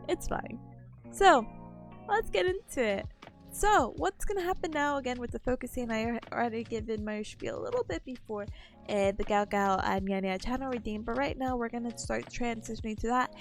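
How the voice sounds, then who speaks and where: A young woman VTuber chats playfully with her stream chat over soft background music, her voice on the high side and at normal speed. She's giggly, sniffly, and sounds a bit worn.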